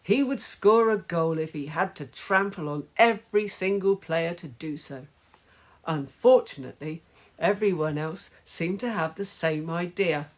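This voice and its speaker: A woman reading a children's storybook aloud in slow, measured storytelling. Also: lowish voice. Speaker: narrator.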